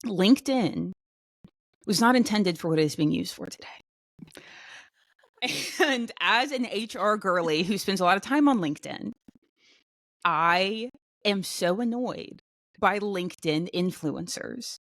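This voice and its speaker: A woman co-hosting a podcast in casual chat, talking in an animated way with many fillers and restarts. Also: medium pitch, unhurried, pauses often, no room sound, studio quality. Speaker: podcast co-host.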